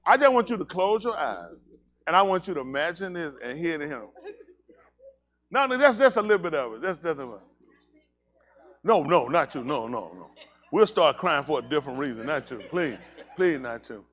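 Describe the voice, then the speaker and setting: A male pastor with a high voice that swings widely in pitch, bounding from playful teasing to loud, animated outbursts. He jokes casually with the people in front of him, then eases into preaching. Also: moderate pace, pauses often. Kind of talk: casual joking banter turning to preaching.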